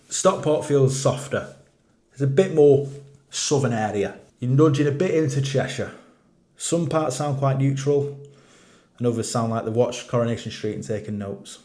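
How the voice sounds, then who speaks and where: A man presents a scripted explainer monologue. His pitch sits in the middle, and his delivery is wry and jokey, slipping into quiet, dry asides.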